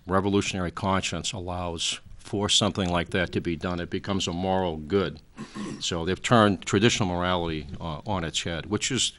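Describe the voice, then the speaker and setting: Man, 60s, very low pitch, rambling, lecturing, trails off mid-sentence, talk show guest. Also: a bit bright. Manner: frequent fillers, trailing off.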